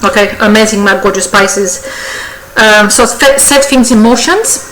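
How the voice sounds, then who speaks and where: A woman gives a weekly tarot reading straight to her viewers, speaking at a middle pitch. She is effusive and coaxing, repeats her words, and keeps checking in with "okay?". Faint birdsong sits behind her voice. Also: unhurried, background noise. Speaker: tarot reader.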